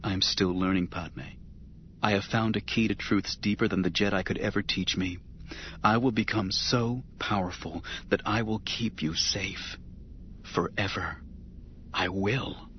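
A man voicing a troubled young male Jedi knight, speaking in a soft, strained, halting way. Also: low-pitched, fairly even intonation, dull audio, slight background noise. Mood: vowing.

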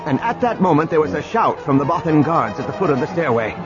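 A man narrates an audiobook with a lively, rising and falling delivery. His reading is dramatic and expressive. Music runs under a dull, lo-fi recording. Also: fairly high pitch, fast talker, over a noisy crowd. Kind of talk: scripted narration.

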